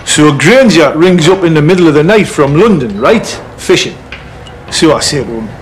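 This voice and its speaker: An actor plays a brash middle-aged Geordie builder. He is pushy and blokey, with a high voice that leaps around a lot. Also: animated, moderate pace, slight background noise, natural voice. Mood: boastful.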